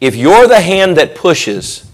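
A man preaching a sermon in church, animated, acting out quoted voices and joking with the congregation. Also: fairly high pitch, slow pace. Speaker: pastor. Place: church sanctuary.

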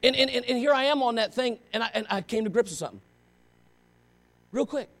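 A man's voice: extremely high pitch, fairly quick, a bit bright. A pastor preaching a sermon to his congregation, talking straight at them in an impassioned, conversational way and pressing them with rhetorical questions.

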